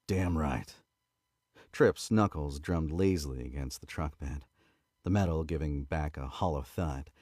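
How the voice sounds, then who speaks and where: A man with an Australian accent reading a novel aloud in a relaxed, casual way, now and then correcting his own slips. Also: very deep voice, moderate pace, no room sound, clean studio sound. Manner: relaxed, stops to correct misread words. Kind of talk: casual read-aloud narration.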